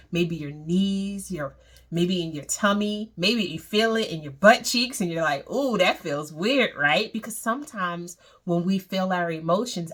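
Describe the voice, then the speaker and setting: A woman's voice: on the low side, fairly bright tone. A woman leading a guided meditation, speaking in a soothing, repetitive way. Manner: slow, soothing, repeats phrases.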